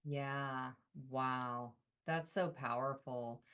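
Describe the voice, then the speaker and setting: A woman hosting a conversation, speaking in a soft-spoken, reflective way about her own past. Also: rumbling low, steady tone, extremely slow, clear, resonant tone. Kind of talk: casual conversation.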